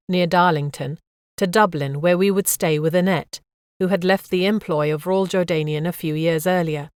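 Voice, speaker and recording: Woman reading a memoir audiobook, calm and steady, lowish voice, dry close sound. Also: dry recording. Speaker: audiobook narrator. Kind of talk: scripted memoir narration.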